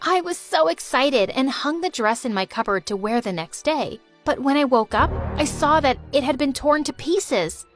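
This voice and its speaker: A woman tells an animated story in the first person, lively and emotional as she voices a teenage girl. Her voice sits fairly high, with faint music underneath. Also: normal speed, hardly any pauses.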